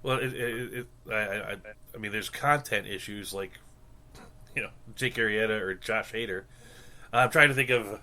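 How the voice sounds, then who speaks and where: A man in his thirties co-hosting a podcast in casual chat, rambling with halting restarts and deadpan jokes. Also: lowish voice. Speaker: podcast co-host.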